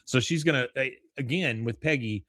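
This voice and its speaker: Man, podcast co-host, casual recap, dry close sound, middle pitch. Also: moderate pace, fairly bright tone, no room sound. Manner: retells scenes, quoting lines with laughs. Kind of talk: casual episode recap chat.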